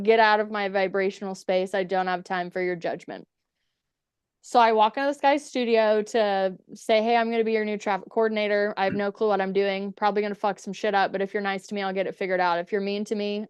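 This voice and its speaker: A woman's voice: mid-range voice, steady tone, fast, hardly any pauses, darkish tone, clean tone, no room sound. A woman chatting as a podcast guest, telling stories casually, swearing freely and acting out the quotes. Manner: chatty, profane, acts out quotes. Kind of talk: casual storytelling.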